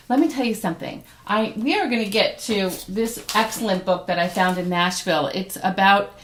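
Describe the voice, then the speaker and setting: A middle-aged woman talks her way through a devotional message in an animated, chatty manner. She stumbles, restarts and fills pauses as she goes. Her mid-range voice bounces around a roomy, echoey space. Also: mid-range voice, slight background noise. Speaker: devotional host and teacher. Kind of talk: casual devotional talk. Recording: roomy echoey room sound.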